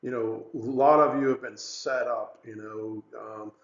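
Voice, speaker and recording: A financial advisor man presents a webinar in a relaxed, conversational way, full of fillers and little stories. His voice sits at an ordinary pitch for a man. The sound is roomy and a little dull. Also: unhurried. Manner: conversational, animated storytelling with many fillers.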